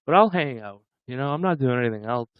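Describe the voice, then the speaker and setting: A man's voice: medium pitch, expressive, quick pace, smooth, no echo, dull audio. A man hosting a casual livestream, joking with viewers and laughing often. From Massachusetts. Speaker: livestream host.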